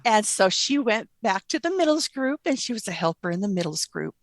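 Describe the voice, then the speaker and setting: A middle-aged woman, a guest mother, telling gentle stories about her daughter in an interview. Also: mid-range voice, brisk, no echo. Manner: tender, animated quoting of her child. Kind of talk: storytelling interview.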